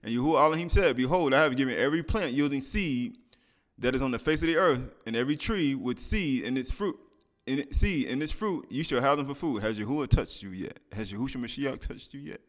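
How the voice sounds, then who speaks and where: A man's voice: medium pitch, lively intonation, brisk. A man preaching a sermon, reading scripture aloud and commenting in casual speech with laughs.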